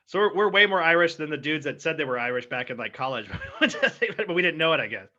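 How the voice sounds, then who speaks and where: A man's voice: fairly high pitch, animated, a little fast, pushed and bright, lo-fi sound. A man co-hosting a casual podcast, laid-back and rambling, swearing freely. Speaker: podcast co-host. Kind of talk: casual chat.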